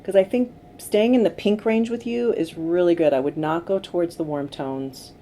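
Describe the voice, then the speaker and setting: A middle-aged woman working as a makeup artist, giving gentle, coaxing instructions to a client during a tutorial. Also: on the low side, normal speed. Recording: faint background noise.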